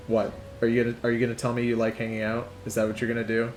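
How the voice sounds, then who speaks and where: A man commentating a video game with crude, swearing jokes. His voice sits in an ordinary middle pitch. Faint game music plays behind him. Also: completely flat delivery, rapid-fire, few pauses. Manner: crude, joking, swears a lot. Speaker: let's player. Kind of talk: gaming commentary.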